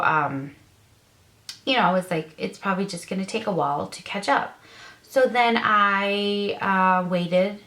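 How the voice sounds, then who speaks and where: A woman's voice: fairly low pitch, a bit bright. A woman in her thirties casually telling a personal story, full of fillers and emotion, quoting herself and her husband. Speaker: vlogger sharing her story.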